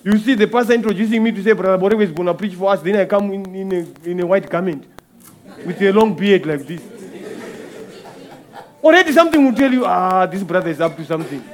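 A man's voice: high voice, fast talker, pauses often. A man preaching a sermon as a guest speaker, talking conversationally, asking rhetorical questions and often repeating words and restarting phrases.

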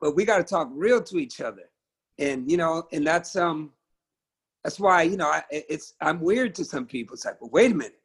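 Middle-aged male musician guest, husky and a touch high-pitched, speaks with fiery conviction and free swearing over a video call. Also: moderate pace, fairly bright tone. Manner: passionate, emphatic, swears freely. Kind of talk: candid conversational interview.

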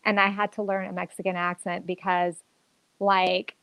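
A woman's voice: mid-range voice, flat delivery, moderate pace, vocal fry, fairly bright tone, smooth, dry recording, rough recording. A woman who acts and teaches acting, chatting upbeat and enthusiastic in an interview, with plenty of fillers. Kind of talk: casual interview chat.

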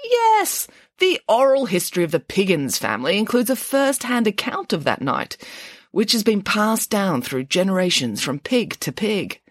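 A woman voicing a grand, bossy female pig nanny in an audiobook, pompous and exclamatory, swooping high on her outbursts. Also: sing-song, normal speed, dry recording, studio quality. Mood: grandly proud. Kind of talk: audiobook character voice.

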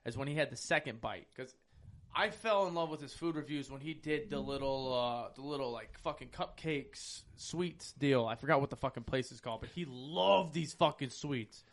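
A man chatting casually, telling stories in a fast, profane, animated way. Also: medium pitch. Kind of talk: casual chat.

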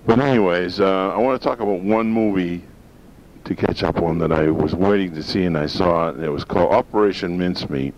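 A man's voice: deep voice, brisk, a little mellow. A man from northern Maine hosting a talk radio show, rambling in a folksy, opinionated way. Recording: dull lo-fi sound with faint hiss.

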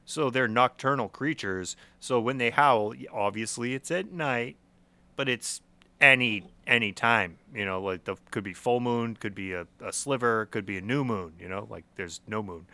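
Gravelly, laughing young podcast man. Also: medium pitch, moderate pace, bright, forceful tone, no room sound. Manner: joking, laughs often, stumbles and repeats words. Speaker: podcast co-host. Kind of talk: casual chat.

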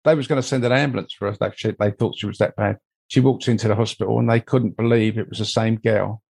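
A man's voice: lowish voice, steady tone, quick pace, vocal fry, darkish tone, breathy edge. An older man, telling a long, rambling personal story as an interview guest and filling it with "you know" asides. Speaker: interview guest, mold investigator. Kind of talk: conversational storytelling.

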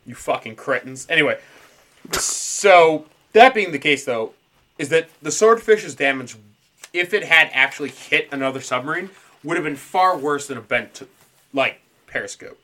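Podcast host, male, lively bright voice, swears freely while riffing on a story. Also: a little high, normal speed. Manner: profane, laughs a lot, animated storytelling. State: dry mouth. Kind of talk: casual conspiracy podcast chat.

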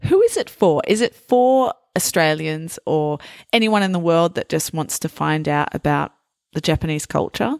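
A woman's voice: deep voice, normal speed, gravelly, no room sound, clean studio sound. A woman interviewing a guest in a casual chat, asking friendly and curious questions.

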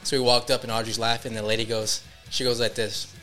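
A man's voice: mid-range voice, flat delivery, fast talker, pushed and bright, faint music behind. A man co-hosting a podcast, joking around, laughing a lot and swearing freely in crude casual banter. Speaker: podcast co-host.

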